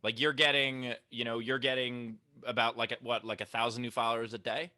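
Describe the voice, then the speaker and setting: A man hosting a casual comedy chat, joking in quick banter. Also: mid-range voice, little pitch movement, pushed and bright.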